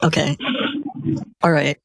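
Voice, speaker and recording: A man's voice: on the high side, level tone, gravelly, dry recording, full character voice. A male streamer voicing an elderly woman through a voice changer, speaking hesitantly on a phone call. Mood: fretful. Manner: hesitant, halting.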